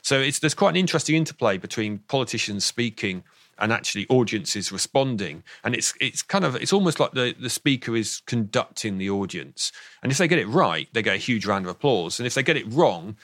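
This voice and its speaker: A man's voice: mid-range voice, sing-song, fairly quick, fairly bright tone, no echo, clean studio sound. A man with a southern English accent, a guest on a radio interview, explaining things eagerly and often repeating the first words of a sentence. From southern England. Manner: enthusiastic, explanatory, repeats words when starting sentences, laughs now and then. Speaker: expert guest on voice and speech. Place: radio studio.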